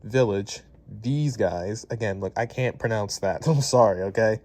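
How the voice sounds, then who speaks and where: With a Baltimore accent and a slightly mellow voice on the low side, this young Maryland man talks at normal speed. He's a vlogger casually commenting over gameplay, easily distracted and quick to laugh at his own mistakes.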